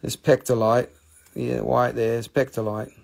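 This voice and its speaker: Gravelly man hosting a live sales stream. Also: mid-range voice, moderate pace. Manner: chatty, profane, excitable salesman talk. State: voice getting scratchy from hours of talking. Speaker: host selling rocks and gems on a live stream.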